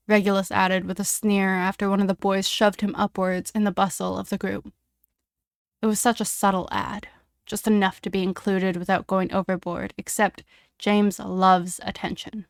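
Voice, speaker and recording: A woman reading a story aloud in an expressive, dramatic way. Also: medium pitch, normal speed, gravelly, dry recording, studio quality. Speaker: reader of fan fiction.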